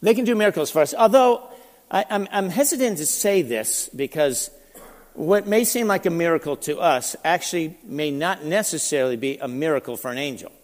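Male pastor, high lively voice, chatty sermon, long church-hall reverb. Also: normal speed. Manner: animated, conversational, frequent restarts. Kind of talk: sermon storytelling.

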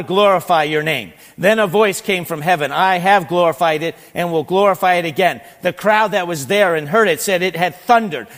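A man preaching a sermon and reading scripture, animated and swinging between loud emphasis and quiet asides. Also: a little high. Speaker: pastor. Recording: long reverb in a large hall.

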